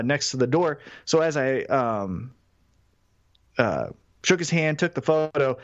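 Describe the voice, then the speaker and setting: A man's voice: fairly high pitch, no echo, dull audio. A man co-hosting a podcast who tells a story in casual chat, acting out the quotes and swearing freely. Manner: animated, swearing, acts out quotes. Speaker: podcast co-host.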